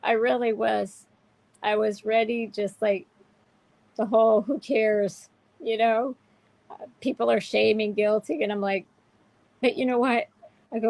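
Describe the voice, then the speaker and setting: A woman's voice: a little high, fairly even intonation, a little slow, creaky, long pauses, darkish tone, dry recording, rough recording. A woman hosting a candid livestream chat, speaking in a heartfelt, emotional way with many restarts. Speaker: show host.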